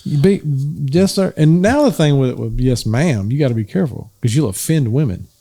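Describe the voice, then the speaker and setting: Gravelly Southern man, casual co-host. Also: fairly high pitch, fast. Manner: joking, storytelling, animated. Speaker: podcast co-host. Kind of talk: casual chat.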